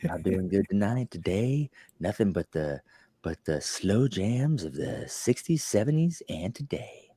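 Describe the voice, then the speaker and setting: A man putting on the voice of a laid-back late-night radio DJ introducing slow jams. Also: on the low side, lively intonation, warm tone, slightly rough. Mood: smooth.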